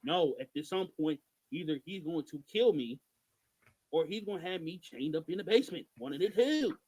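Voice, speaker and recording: A man with a somewhat raised pitch co-hosts a loose podcast conversation. He talks in an exasperated, emphatic rant, hammering his points home. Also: expressive, moderate pace, darkish tone, a little hiss or hum, rough recording. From Missouri. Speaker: podcast co-host. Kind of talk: casual podcast chat.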